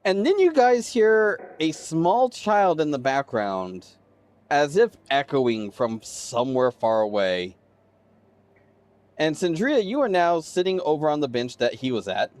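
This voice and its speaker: A man narrating as game master of a tabletop game, describing scenes in an animated way and addressing players by their characters' names. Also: on the high side, a little slow.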